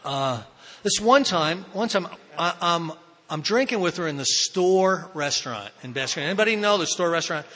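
A man's voice: high-pitched, expressive, moderate pace, pushed and bright. A man telling his recovery story to a live audience in a rambling, self-mocking way, full of fillers and restarts. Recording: reverberant hall.

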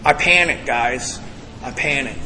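A man sharing his recovery story with a live audience, animated and profane, talking straight to the crowd. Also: mid-range voice, a little slow, slight background noise. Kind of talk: personal testimony to a live audience. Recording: reverberant hall with audience.

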